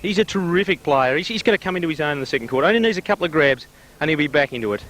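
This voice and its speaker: A man's voice: on the high side, animated, very fast, a bit bright, low-quality recording. A man doing an impression of a gushing, famous TV football commentator, a bit out of breath. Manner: gushing, effusive praise. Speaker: guest commentator. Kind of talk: comic sports commentary.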